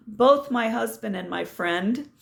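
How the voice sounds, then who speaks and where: A middle-aged woman hosting a vlog, telling a story in an indignant, animated way. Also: a little high, slow pace, gravelly. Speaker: channel host.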